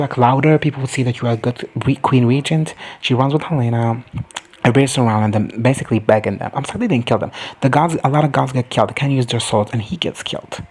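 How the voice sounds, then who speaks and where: A man's voice: mid-range voice, fast, breathy edge. A young man recapping a TV episode in a profane, chatty comedy style, jumping in and out of silly character voices. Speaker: reaction video host.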